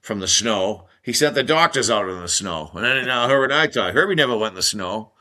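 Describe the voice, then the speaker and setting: An American man in his sixties sits in as a podcast guest, telling an old sports story at length. His voice sits low, but he drives it with a bright, forceful edge. He slips in and out of other people's voices as he goes. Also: a little fast. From United States. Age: 60s. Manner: animated, acts out the people in his stories. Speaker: guest, former Olympic hockey player.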